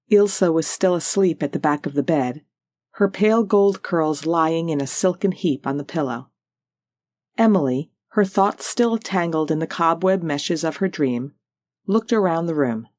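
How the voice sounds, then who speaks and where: An audiobook narrator telling a novel in measured, unhurried scripted narration. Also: medium pitch, darkish tone, no echo.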